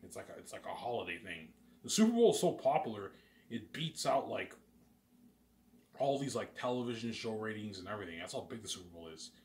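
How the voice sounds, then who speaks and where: A man's voice: fairly low pitch, big pitch swings, fairly quick, darkish tone. A young man from Canada talking in a rambling, repetitive casual monologue to his viewers, boasting about his plans. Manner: repetitive, restarts phrases, boastful daydreaming. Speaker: vlogger.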